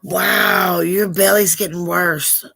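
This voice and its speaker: Hosting a live psychic Q&A stream, a woman with a lowish, slightly rough, somewhat bright voice speaks in an animated way at a measured pace. She's affectionate and casual with viewers, calling them "baby," though she struggles with names.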